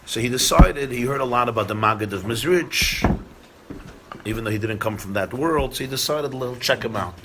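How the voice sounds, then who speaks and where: A man's voice: mid-range voice, moderate pace, background noise. A man, a rabbi, telling stories at a community gathering, acting out dialogue and mixing in Yiddish and Hebrew phrases. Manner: animated storyteller, acts out dialogue, mixes Yiddish and Hebrew phrases. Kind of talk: storytelling talk at a gathering.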